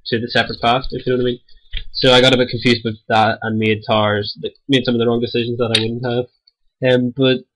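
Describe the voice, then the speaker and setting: A young man in his late teens, stuffy-nosed and a little raspy from a cold, giving rambling, hesitant commentary over a game he is playing. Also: mid-range voice, level tone, fast, fairly bright tone, rough recording. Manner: rambling and hesitant, many ums. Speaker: gaming channel host. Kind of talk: casual gameplay commentary.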